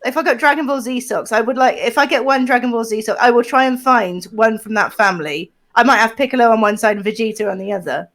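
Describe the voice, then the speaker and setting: A woman's voice: fairly high pitch, fast talker, hardly any pauses, fairly bright tone. A woman co-hosting a live podcast, defending herself with a laugh. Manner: defensive, giggly. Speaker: podcast co-host. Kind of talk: casual live-stream chat.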